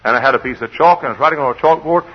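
An older man preaching a sermon, swinging from quiet asides to shouted exhortation, on an old recording. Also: mid-range voice, very fast, husky, dull audio. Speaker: pastor.

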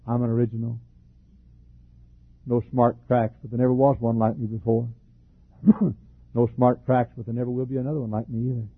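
An older man preaching a fervent sermon as pastor, with a husky, troubled voice, frequent coughs and repeated words. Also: medium pitch, little pitch movement, fast talker, no echo. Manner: fervent preaching with repetitions and laughs. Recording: dry, phone-like lo-fi recording.

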